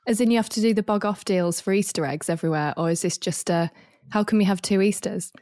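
A woman's voice: mid-range voice, quick pace, a little mellow, dry recording, clean studio sound. A young woman on a casual podcast, teasing her co-hosts with cheeky questions. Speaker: podcast co-host.

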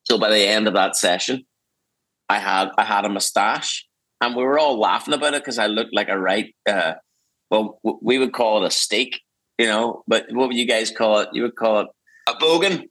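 A man's voice: lowish voice, normal speed, fairly bright tone, dry recording, rough recording. A middle-aged man with a Northern Irish accent, a singer-songwriter guest talking in a rambling, self-interrupting way and laughing easily, over a video call. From Northern Ireland. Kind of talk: casual interview chat.

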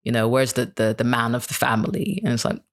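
A woman from Kenya whose accent leans British with a slight American twang, guesting on a podcast. She speaks reflectively and at an even pace, with frequent fillers and easy laughs. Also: a bass voice, fast. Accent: mostly British with slight American twang. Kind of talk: casual podcast interview.

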